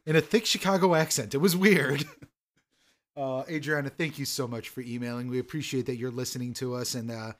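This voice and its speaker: A man co-hosting a podcast, reading listener mail and teasing in a relaxed, easygoing way. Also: medium pitch, brisk. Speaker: podcast co-host. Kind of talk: casual chat.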